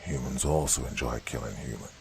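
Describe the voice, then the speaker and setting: A man voicing a menacing, suave male creature who speaks slowly in a deep, measured voice. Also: animated, vocal fry, slight background noise, heavily acted. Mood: cold, smug. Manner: slow, low, measured delivery.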